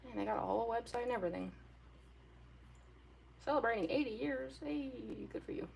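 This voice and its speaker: A young woman drawing on a livestream chats loosely with her viewers, giggling a lot and rambling with plenty of fillers. Her voice is fairly high and a bit quick, with vocal fry, a darkish tone, and a faint hiss or hum.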